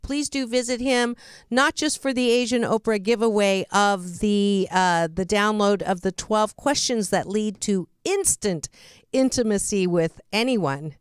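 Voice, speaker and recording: A woman's voice: medium pitch, clean tone, no room sound, studio quality. A middle-aged woman hosting a radio interview, chatty, laughing at herself and restarting sentences. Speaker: host.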